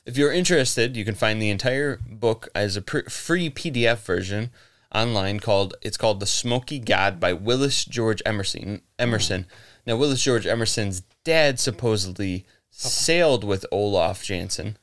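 A man's voice: fairly low pitch, normal speed, a bit bright. An American man co-hosting a podcast, telling a legend in a rambling, casual way with swearing and laughs. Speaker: podcast co-host. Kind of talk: casual chat, storytelling.

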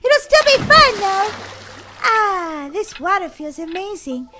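A woman voicing an excitable, dramatic girl in a Roblox roleplay story, talking in a theatrical way that swings between gloom and glee. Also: very high voice, slow pace, heavily acted. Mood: dramatic, lonely. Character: excitable, dramatic girl who misses her sister.

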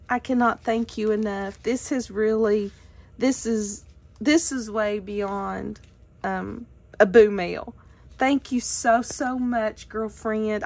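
A woman craft vlogger opening handmade gifts on camera, gushing with thanks and delight. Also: a little high. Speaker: craft YouTuber. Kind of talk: casual unboxing vlog.

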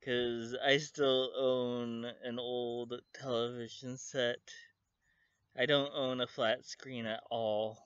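Slow, rambling man on a dull mic. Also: medium pitch, clear, resonant tone, dry recording. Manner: rambling, excitable, laughs often. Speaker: anime reviewer. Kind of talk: casual spoken review. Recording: dull lo-fi recording.

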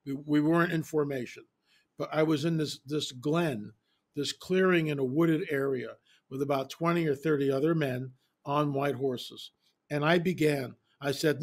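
Animated man telling stories in an interview. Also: a little high, moderate pace. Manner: animated, emphatic, repeats phrases for effect. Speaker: guest. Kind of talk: casual interview storytelling.

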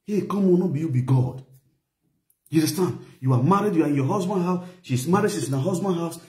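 Nigerian Pidgin commentator with a Benin accent, somewhat high and mellow, preachy, in an echoey room. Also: male voice, animated, fast. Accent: Nigerian Pidgin, Benin (Edo). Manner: preachy, repetitive, keeps asking "you understand?". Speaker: commentator vlogger. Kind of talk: lecturing commentary.

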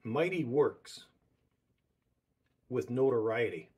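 A man preaching a sermon in a relaxed, conversational way, repeating words for emphasis. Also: mid-range voice, takes it slowly, slightly rough.

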